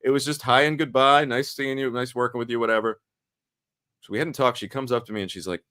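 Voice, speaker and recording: Middle-aged male host, casual and foul-mouthed, medium pitch, dry close sound. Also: fast, smooth, no room sound. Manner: profane, animated storyteller. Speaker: podcast host and actor. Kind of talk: casual storytelling chat.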